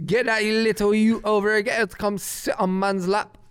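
A loud, swaggering young rude boy struts through his lines in a put-on Jamaican patois, mock-tough and boastful, pitched noticeably higher as a man acts him out. The voice itself sounds smooth and clear. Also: little pitch movement, moderate pace, close to an everyday voice.

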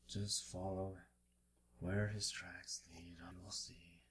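A man's voice: low-pitched, flat delivery, slow. A man whispering as a maimed, devoted cultist. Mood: hushed. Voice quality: whispered, hushed.

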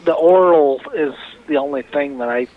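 A man's voice: on the high side, moderate pace. A man working as a store clerk, answering a call and giving plain, helpful advice. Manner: plain, matter-of-fact, helpful. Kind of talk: phone conversation. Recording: muffled phone line.

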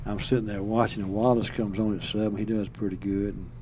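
A man's voice: fairly low pitch, flat delivery, fast talker, warm tone, a little hiss or hum. An older man from Alabama with a Southern accent, telling a story in a folksy, rambling way and chuckling as he goes. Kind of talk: casual storytelling.

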